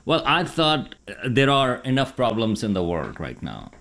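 A man's voice: mid-range voice, huge pitch swings, normal speed, heavy background noise. A man from Pakistan, an astronomer guest, talking casually in a radio interview with many fillers and restarts. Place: home kitchen table.

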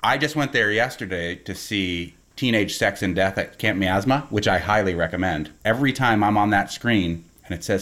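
A man's voice: fairly low pitch, fairly quick, few pauses. A man hosting a public radio talk show, playful and chatty with his guest. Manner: lively, playful. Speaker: radio host.

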